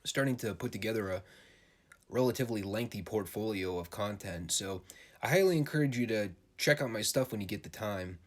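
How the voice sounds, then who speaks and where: A man with a somewhat low voice hosts a solo podcast in a relaxed, off-the-cuff way. He cracks jokes, swears now and then, and fills gaps with filler words as he talks his viewers through the show. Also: fairly quick. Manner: joking, profane, loose with filler words. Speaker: wrestling podcast host. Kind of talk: casual solo podcast commentary.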